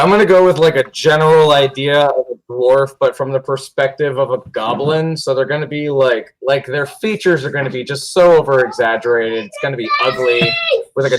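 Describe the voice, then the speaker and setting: A man's voice: medium pitch, low-quality recording. A man playing a tabletop game, chatty and hesitant, with many fillers. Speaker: player. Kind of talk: casual tabletop game play.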